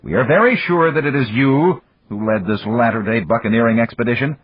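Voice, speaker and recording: A man's voice: medium pitch, fairly quick, husky, dry recording, pitched above the performer's own voice, close to an everyday voice. A man voicing a stern, angry male Russian official who snaps and growls his words. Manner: curt, snapping, growling. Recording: dull dry lo-fi recording.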